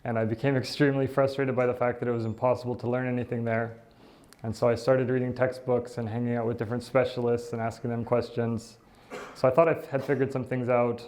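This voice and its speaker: Speaking quickly in a darkish, medium-pitched voice with a level tone, a middle-aged dentist gives an informal presentation. He keeps it conversational, using fillers, laughter, and asides like "right?"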